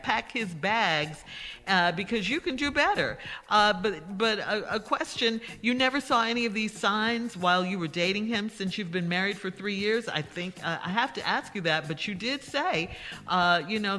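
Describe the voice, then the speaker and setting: Bright-voiced woman giving blunt advice. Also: mid-range voice, long reverb tail. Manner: frank and scolding, with drawn-out emphasis. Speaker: radio co-host answering listener letters. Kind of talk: advice talk on morning radio. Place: radio studio. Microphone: studio microphone.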